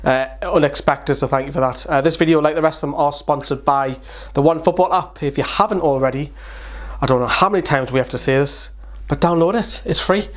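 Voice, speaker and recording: A man's voice: a little high, a little fast. A young man hosting a fan channel, chatting casually through a rambling update while tired.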